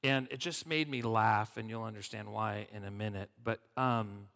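A man's voice: on the low side, fairly even intonation, moderate pace, gravelly, fairly bright tone, in a large hall. A man preaching a casual sermon as a guest speaker, chatty with many fillers and restarts. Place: church sanctuary.

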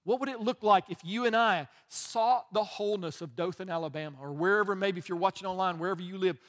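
A middle-aged pastor delivers a sermon in a high voice. He talks in an easy, conversational way, with chuckles and quick asides to his congregation. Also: a bit bright.

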